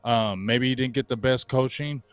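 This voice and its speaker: A man co-hosting a casual sports talk stream, animated and full of slang. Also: medium pitch, clear, resonant tone, no echo, soft background music. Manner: animated, slangy, quick to joke. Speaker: co-host.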